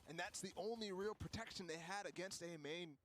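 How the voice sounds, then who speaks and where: A man's voice: sits high, a little fast. A man casting a professional esports match, explaining team choices and plays in detail. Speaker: esports caster. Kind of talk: esports analysis commentary.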